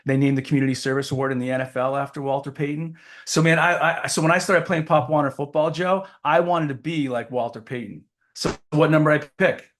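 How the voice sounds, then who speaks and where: Male guest, 50s, from New Hampshire: animated keynote storyteller with a slightly high voice. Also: brisk, hardly any pauses. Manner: lively storyteller who acts out the dialogue. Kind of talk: storytelling in a casual interview.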